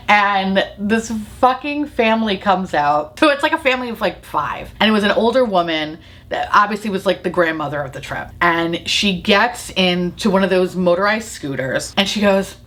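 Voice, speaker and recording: Casting: a young woman beauty vlogger, mid-pitch, swearing her way through a lively storytime. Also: normal speed. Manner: profane, animated storytelling. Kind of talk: get-ready-with-me storytime.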